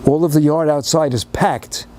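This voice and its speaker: A man's voice: fairly high pitch, fairly even intonation, moderate pace, a little mellow. An older man giving a storytelling sermon in English sprinkled with Yiddish and Hebrew words, building to emphatic, fervent passages. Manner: retells a story with rising, emphatic fervor. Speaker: speaker giving a Torah talk.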